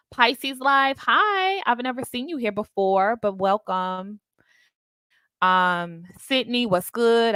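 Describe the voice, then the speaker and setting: A woman hosting a casual live stream, greeting viewers by name and chatting in an animated way, often laughing. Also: medium pitch, clean tone, no echo.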